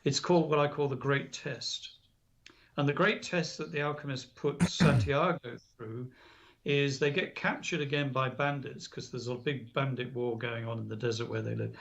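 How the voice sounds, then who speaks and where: Gravelly man giving an earnest spiritual talk. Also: mid-range voice, fairly even intonation, normal speed, a bit bright. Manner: earnest, retells a story with quoted dialogue. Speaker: guest speaker on spiritual alchemy. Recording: dull lo-fi radio audio.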